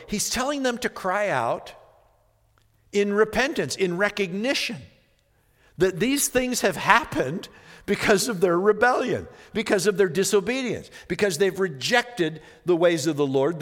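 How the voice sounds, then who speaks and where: A man preaching a sermon, reading scripture slowly and emphatically, then explaining it and rising into impassioned pleas. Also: on the high side, fairly bright tone, in a large hall. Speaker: pastor.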